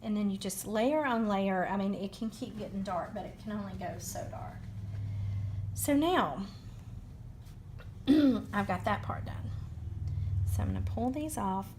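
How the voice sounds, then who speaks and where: Southern woman demoing crafts, unhurried and chatty, thinking aloud with pauses. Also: medium pitch, lively intonation, a little mellow, slight background noise. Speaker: card-making demonstrator. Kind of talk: unscripted crafting demo.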